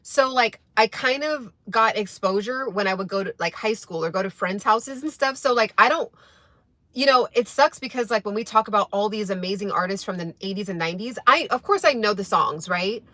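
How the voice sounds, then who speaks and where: A woman's voice: mid-range voice, brisk, sharp tone, dry recording. A young woman chatting casually to her viewers, rambling as she eats breakfast. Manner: rambling, chatty, eating while talking. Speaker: vlogger. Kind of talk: casual chat to camera while eating.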